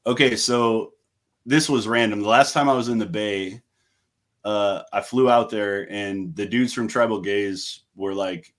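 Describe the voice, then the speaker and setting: A young man with a lowish voice chats as a podcast guest. He is laid-back and swears freely, and he acts out other people's lines as he tells his road stories. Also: a little slow, a bit bright. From United States. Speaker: guest, metal band frontman. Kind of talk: casual storytelling chat.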